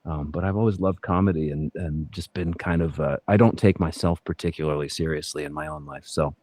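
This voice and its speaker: A man's voice: rumbling low, fairly even intonation, a little fast, a little mellow. A man, an actor appearing as a podcast guest, talking in a reflective, rambling way with many fillers and restarts. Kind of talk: casual podcast interview.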